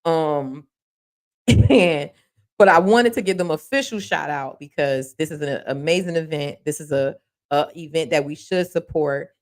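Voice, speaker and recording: A woman hosting a casual livestream, chatting in a folksy, laughing way as she gives shout-outs to the people watching. Her voice sits a little low for a woman. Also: measured pace. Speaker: host of a local news livestream. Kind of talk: casual live-stream chat.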